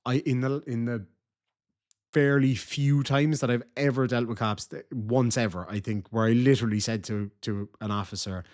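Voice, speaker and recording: A man's voice: mid-range voice, steady tone, moderate pace, a little mellow. An Irish man hosting a reaction video, commenting casually in a chatty, rambling way and often correcting himself.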